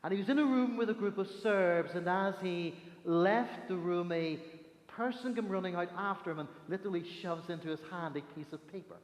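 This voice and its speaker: High-voiced preacher in an echoey church. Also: male voice. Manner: storytelling, emphatic pauses. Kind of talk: sermon. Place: church sanctuary. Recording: echoey church hall reverb.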